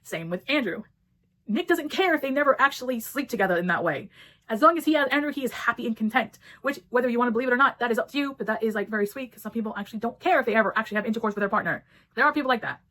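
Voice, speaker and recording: A woman's voice: fairly high pitch, racing, pushed and bright. A woman giving a casual book review, blunt and swearing freely as she retells the story and acts out the characters' lines.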